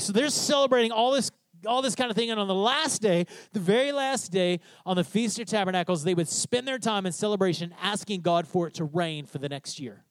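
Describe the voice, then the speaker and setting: A man preaching a sermon as pastor, telling the story with lively energy and acting out the quoted lines. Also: high voice, fast, no room sound. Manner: animated storytelling preacher, acts out quotes, asks "tracking?".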